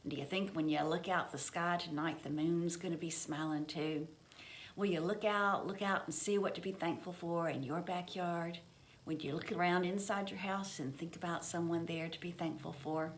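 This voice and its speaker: A woman leading a church children's story, expressive and gentle, asking the children questions and dropping to soft whispers for effect. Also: fairly low pitch, normal speed, a little hiss or hum. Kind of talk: reading a children's story and sermon.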